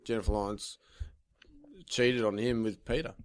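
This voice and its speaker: A man's voice: lowish voice, flat delivery, fairly quick, dry recording. A man, co-hosting a podcast, ribbing his friend with teasing, exasperated banter. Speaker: podcast co-host. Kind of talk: casual banter.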